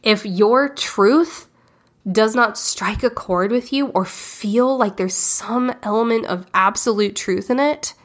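A woman's voice: a little high, takes it slowly. A woman hosting a podcast, giving frank and direct self-help coaching and casually swearing. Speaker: podcast host.

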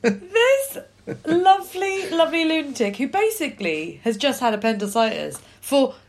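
A woman's voice: sits high, moderate pace, a little hiss or hum. A woman co-hosting a podcast, bantering and retelling news stories. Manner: bantering, animated storytelling. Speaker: podcast co-host. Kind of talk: casual chat.

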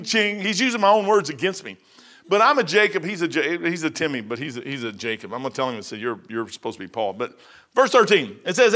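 A man's voice: fairly high pitch, fairly bright tone. Folksy middle-aged man teaching a Bible lesson. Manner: folksy, rambling, repeats phrases for emphasis.

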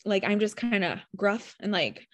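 A woman's voice: mid-range voice, lively intonation, unhurried. A woman and mother chatting casually, rambling reflectively with many fillers. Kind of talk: casual chat.

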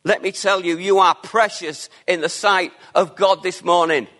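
Earnest preacher man, fairly high voice. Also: steady tone, normal speed. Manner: earnest, rising to emphatic declarations, drops to quiet asides. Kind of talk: sermon.

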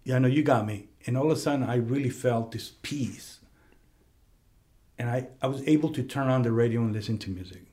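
A man hosting a casual talk, telling a personal story in a conference room, lively when he quotes other people. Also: mid-range voice, a little fast. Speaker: podcast host. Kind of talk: casual conversation. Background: heater running.

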